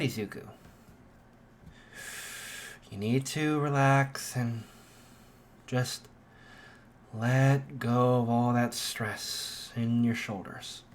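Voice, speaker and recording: A man voicing an anxious young male hero who talks himself into staying calm. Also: fairly high pitch, a little hiss or hum. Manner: hesitant, self-soothing.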